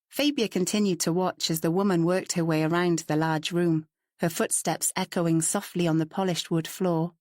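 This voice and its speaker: A woman narrating a novel in calm, even scripted storytelling. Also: fairly low pitch, moderate pace, dry recording, clean studio sound. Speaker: audiobook narrator.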